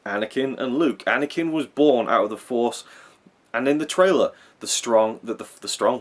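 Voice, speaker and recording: A man's voice: mid-range voice, normal speed. A man hosting a film review channel, talking in a casual, rambling way and often repeating or restarting words. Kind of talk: casual fan commentary countdown.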